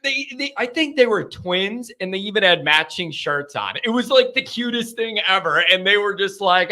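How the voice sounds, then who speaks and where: A man hosting a live call-in sports chat, talking in an animated, rambling way and often repeating himself. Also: high voice, moderate pace, few pauses. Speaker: live-stream sports host.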